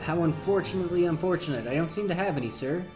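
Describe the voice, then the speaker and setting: A man's voice: fairly high pitch, expressive, fast talker, over music, close to an everyday voice. Bumbling henchman, fussy and overly polite, voiced by a man reading a game aloud. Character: bumbling male henchman soldier.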